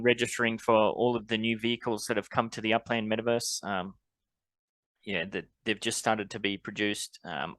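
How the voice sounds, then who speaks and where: A man with an Australian accent, co-hosting a podcast and rambling along in an easy, wry manner. His voice is bright, and the recording is dry and close. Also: lowish voice, no room sound. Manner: laid-back, rambling, wry. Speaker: podcast co-host. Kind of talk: casual chat.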